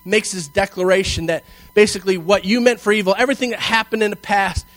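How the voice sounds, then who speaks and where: A man with a fairly high voice delivers a sermon, reading scripture aloud and unpacking it in plain conversational language. He slows down to stress key phrases and builds intensity as he goes, checking in with his listeners along the way. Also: fairly even intonation, a bit bright, dry recording, poor audio. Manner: conversational, emphatic, frequent "okay?" check-ins. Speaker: preacher.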